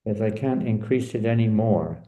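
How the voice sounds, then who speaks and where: A man teaching as a spiritual speaker, telling a sacred story in an animated way in a sermon. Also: fairly low pitch, moderate pace, roomy sound, low-quality recording. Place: in India.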